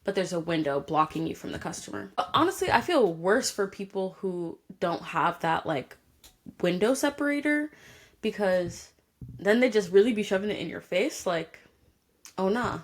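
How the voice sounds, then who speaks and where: A woman's voice: mid-range voice, animated, moderate pace. A young woman hosting a casual solo podcast, ranting with animation and acting out quoted exchanges. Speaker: podcast host.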